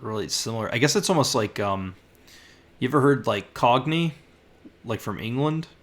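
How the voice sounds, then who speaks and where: A man from the United States hosting a podcast, chatting casually in halting, restarting sentences full of "like". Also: mid-range voice, animated. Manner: halting, restarts with many likes. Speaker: podcast host. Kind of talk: casual chat. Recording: faint background noise.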